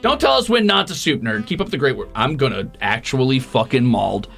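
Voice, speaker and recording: A man's voice: mid-range voice, very animated, brisk, creaky, fairly bright tone, faint music behind. A man hosting a casual livestream, reading out viewer donations with profane, teasing, mock-grumpy banter. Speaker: streamer.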